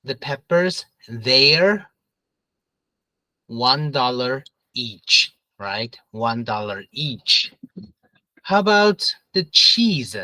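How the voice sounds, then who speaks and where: A man's voice: medium pitch, expressive, very slow, bright, forceful tone, dry recording, rough recording. A man teaching an English review lesson, patiently repeating questions and prompting students to answer together.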